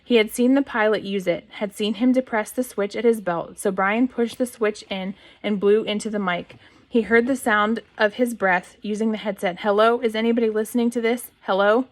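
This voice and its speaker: A woman reading a novel aloud in a plain manner, with occasional restarts and throat clearing. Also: medium pitch, steady tone, normal speed. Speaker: reader.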